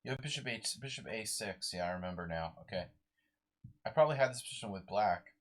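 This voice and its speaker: A man's voice: lowish voice, lively intonation, quick pace. A sleep-deprived man streaming a live chess game, muttering moves to himself and chatting with viewers.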